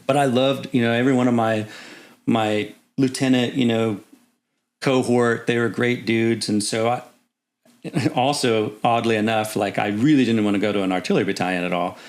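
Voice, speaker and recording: A man's voice: mid-range voice, fairly even intonation, moderate pace. A middle-aged man, an army officer as podcast guest, telling long casual anecdotes peppered with "you know" and acting out the voices in his stories. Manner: rambling anecdotes, many "you know" fillers, acts out voices in quotes. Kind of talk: casual storytelling.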